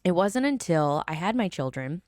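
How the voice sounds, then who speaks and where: A woman in her thirties hosts her own podcast and tells a long personal story in a loose, chatty way. Her voice sits low, and the sound is dry and close. She often restarts her sentences and fills the gaps with fillers. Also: normal speed, dry recording. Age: 30s. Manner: chatty and animated, with many fillers and self-corrections. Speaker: podcast host. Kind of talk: casual storytelling.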